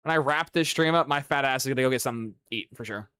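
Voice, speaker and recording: A man's voice: medium pitch, rapid-fire, fairly bright tone, smooth, no echo. A young man livestreaming a football game, rambling and ranting with lots of profanity in casual chat. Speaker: gaming streamer.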